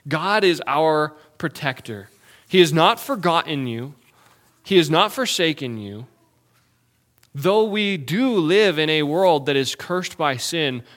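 A male pastor preaching a Sunday sermon in a church, earnest and pleading, often dropping to softer phrases. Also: on the high side. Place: church sanctuary.

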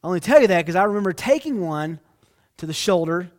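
Speaking fast in a high-pitched, animated voice, a man preaches as pastor in an earnest, conversational style. He talks straight to his audience, moving from quiet, gentle stretches to sudden loud bursts.

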